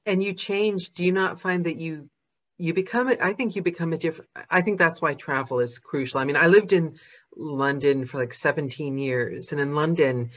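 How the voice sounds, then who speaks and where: A woman hosting a casual interview, chatting with quick asides. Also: sits low, highs cut off. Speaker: host.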